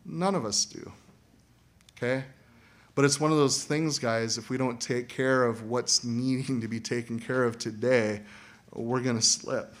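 A man preaching a sermon as pastor, animated and acting out quoted voices. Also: medium pitch, a little slow.

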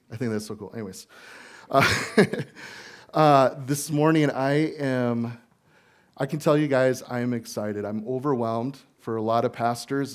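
A male pastor in his thirties delivers a sermon in a church sanctuary. His voice sits at an ordinary middle pitch. He talks in an earnest, conversational way, addressing his congregation casually.

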